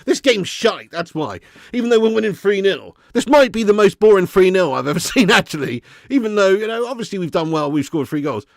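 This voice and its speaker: A man's voice: high-pitched, expressive, a little fast, creaky, few pauses, no echo, clean studio sound. A man hosting a live football watch-along stream, joking with chat in slangy banter and laughing often.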